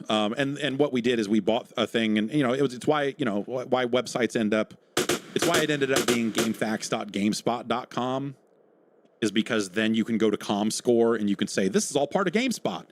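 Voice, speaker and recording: A man hosting a casual podcast, rambling and profane, who breaks into loud mock quotes. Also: medium pitch, normal speed, a little hiss or hum. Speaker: podcast host recalling work in online game media. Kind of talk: casual chat with gameplay.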